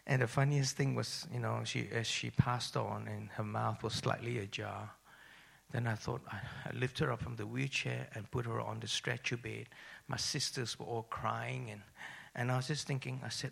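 A man from Malaysia giving a sermon-style personal testimony, telling a story that drops to hushed tones and rises to emphatic bursts. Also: mid-range voice, moderate pace, gravelly, husky.

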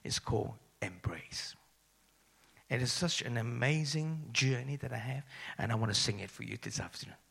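Gravelly husky guy from malaysia preaching his testimony, goes hushed then punchy. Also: medium pitch, moderate pace. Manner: storytelling, drops to hushed tones and rises to emphatic bursts. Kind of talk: sermon-style personal testimony.

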